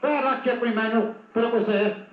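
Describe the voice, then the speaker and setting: Australian male footy commentator, very high voice, excitable and biased, on a lo-fi, roomy 1980s tape. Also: a little fast. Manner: openly biased, excitable, chatty. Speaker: match commentator. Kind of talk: live football commentary. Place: at a football ground. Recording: tinny, echoey 1980s video tape.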